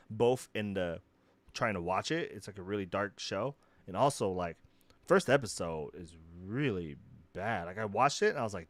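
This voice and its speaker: A man's voice: on the low side, normal speed, no room sound. Young man, rambling casual chat. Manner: rambling, animated retellings with acted-out quotes. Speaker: podcast co-host.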